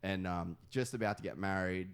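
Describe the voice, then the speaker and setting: A young Australian man with a lowish voice chats loosely on a podcast. He rambles and leans on fillers and swear words. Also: moderate pace, clear, resonant tone. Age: 20s. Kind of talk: casual podcast chat.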